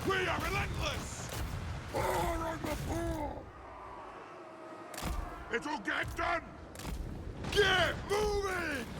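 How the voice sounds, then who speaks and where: A man voicing battle-hungry dwarf warriors, shouting short war cries and orders as game unit lines. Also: very high-pitched, very slow, vocal fry, pauses often, background noise, exaggerated voice. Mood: fierce rallying.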